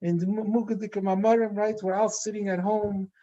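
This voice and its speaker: A man, a rabbi, giving a farbrengen talk with animated storytelling and frequent restarts. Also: high-pitched, a little fast, lo-fi sound.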